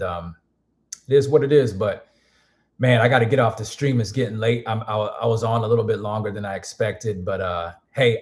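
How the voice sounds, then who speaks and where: Hoarse man rambling on a stream. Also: fairly low pitch. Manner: rambling, frequent restarts and fillers. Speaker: music producer streaming. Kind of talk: casual live-stream chat.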